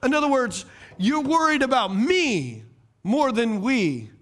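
Slow and a bit bright, this middle-aged pastor's very high voice swings widely in pitch as he delivers a sermon. He keeps a preaching rhythm, repeating key phrases and throwing rhetorical questions at the congregation.

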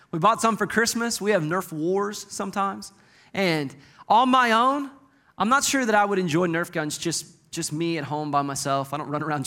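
A man in his thirties preaching a sermon as a pastor, in a folksy, joking and animated way. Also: on the high side.

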